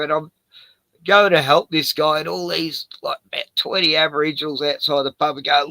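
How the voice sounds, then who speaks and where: A man's voice: on the high side, fairly even intonation, a little slow, creaky, pauses often, sharp tone, dry recording, rough recording. A middle-aged Australian man on a stream, telling rambling, profane anecdotes in casual chat.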